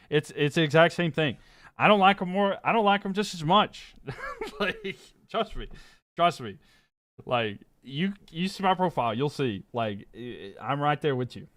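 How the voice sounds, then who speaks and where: A man's voice: fairly high pitch, fairly bright tone, no echo, studio quality. A man from the American South with a Southern accent, casually chatting on a live stream and reading viewer comments in a rambling, laughing way. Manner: laid-back, rambling, fillers, laughs often. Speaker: sports streamer.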